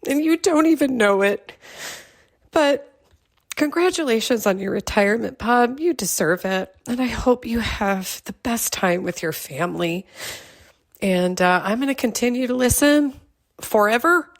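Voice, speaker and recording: A middle-aged woman leaving a halting, heartfelt voicemail tribute as a caller. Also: on the high side, animated. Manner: halting, heartfelt, pauses with ums.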